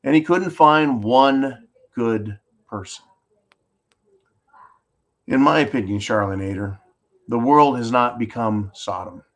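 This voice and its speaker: A man's voice: mid-range voice, takes it slowly, long pauses. A man from California hosting a political show, ranting bluntly and sarcastically as he reads out viewer questions. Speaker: host of a political call-in show.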